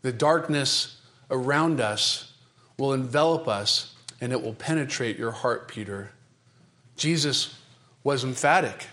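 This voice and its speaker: A man's voice: mid-range voice, a little slow. A man, a pastor, preaching a sermon with dramatic emphasis, repeating phrases and asking the congregation rhetorical questions. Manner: dramatic, emphatic delivery with repetition and sudden shifts in pace and loudness.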